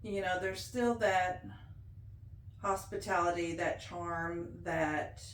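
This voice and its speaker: This fairly low-pitched woman in her forties, whose accent blends Appalachian and Ozark, keeps a fairly even intonation while giving an oral history interview. She's slow, homey and folksy, with laughs sprinkled in. A roomy echo and a bit of hiss or hum mark the recording.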